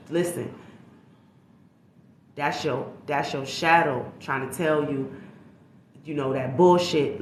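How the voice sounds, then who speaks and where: A man's voice: medium pitch, fairly bright tone, roomy sound, a little hiss or hum, poor audio. A man giving a casual tarot reading, talking straight to his viewers in a slangy, emphatic way with frequent swearing. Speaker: tarot reader.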